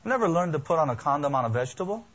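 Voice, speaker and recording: Male pastor, husky voice, emphatic sermon delivery, dull lo-fi recording. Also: on the high side, big pitch swings, rapid-fire, fairly bright tone. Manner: emphatic, building preaching with lists and rhetorical questions.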